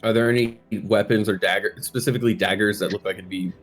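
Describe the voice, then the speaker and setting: A man playing a tabletop game, calmly describing his character's actions in the third person with a dry manner. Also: fairly low pitch, fast talker, faint music behind. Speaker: player. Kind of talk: casual tabletop play.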